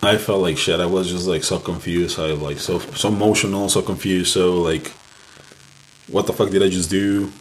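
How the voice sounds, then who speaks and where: A young man with a very deep, low voice tells a personal story on a casual podcast. He speaks candidly and with feeling, cursing freely as the memory builds. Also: fairly even intonation, normal speed, a little hiss or hum. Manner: candid, emotional personal storytelling with frequent swearing. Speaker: podcast co-host.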